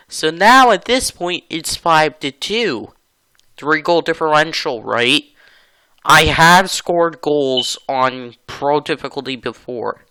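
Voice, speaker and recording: Casual gaming host, male, bright and crisp voice, slow, laid-back delivery, chatty with frequent laughs. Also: fairly high pitch, expressive, no echo, low-quality recording. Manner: chatty, laughs often, gets exasperated. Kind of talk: casual gameplay commentary.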